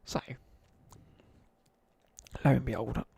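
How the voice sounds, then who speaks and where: A man's voice: slow pace, warm tone, no room sound. A young man with an English Midlands accent, rambling through slangy school stories and chatting to viewers while he streams a game. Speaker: live streamer. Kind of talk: casual chat while gaming.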